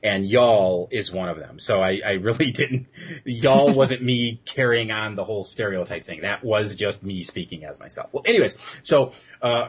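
A podcast co-host who reviews episodes retells one in casual chat, loose and rambling with lots of fillers. His voice is lowish and husky.

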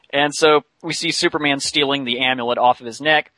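A man's voice: medium pitch, steady tone, fairly quick, few pauses, sharp tone, no echo. A man casually retelling a cartoon episode as podcast host, chatty with many fillers. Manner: chatty, many fillers, laughs while telling.

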